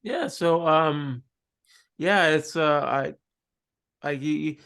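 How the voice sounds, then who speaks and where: A man hosting a podcast, talking casually and haltingly, often restarting his sentences. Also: fairly high pitch, vocal fry, fairly bright tone, clear, resonant tone. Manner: halting, loose storytelling with many repeated starts. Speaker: podcast host. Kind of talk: casual conversational interview.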